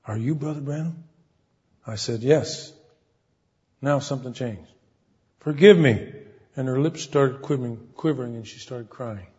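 A man's voice: medium pitch, moderate pace, darkish tone, husky. A man preaching a sermon, telling a story with quoted voices and building to fervent exhortation. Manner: storytelling, quotes others in acted voices, preaches with rising fervor. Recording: dull lo-fi sound, long hall reverb.

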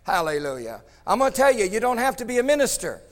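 A man preaching a storytelling sermon, swinging between loud emphatic bursts and hushed tones. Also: high-pitched, big pitch swings, quick pace, long reverb tail.

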